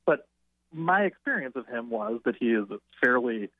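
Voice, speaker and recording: A man guest tells a long anecdote by phone, rambling and halting, restarting his sentences often. The line is thin and tinny. The sound is completely dry. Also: medium pitch, expressive, dry recording. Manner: halting, self-correcting. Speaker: interview guest, writer. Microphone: telephone.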